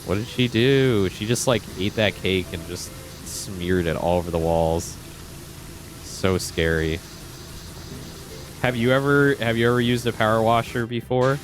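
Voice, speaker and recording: A man's voice: on the low side, steady tone, a little slow, over music. A man streaming a game, chatting casually, easily flustered and laughing often. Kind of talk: casual live-stream chat.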